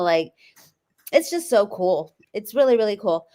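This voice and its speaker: A woman in a relaxed commentary chat, chatty and loose, filling her pauses with ums. Her voice sits at an ordinary middle pitch for a woman. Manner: chatty, many ums, reads documents aloud.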